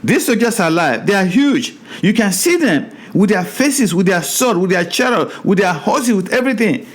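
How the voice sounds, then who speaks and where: A man teaching a Bible study in a sermon style, reading scripture aloud and preaching with animated, repeated phrases. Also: high voice. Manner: slows down over hard place names.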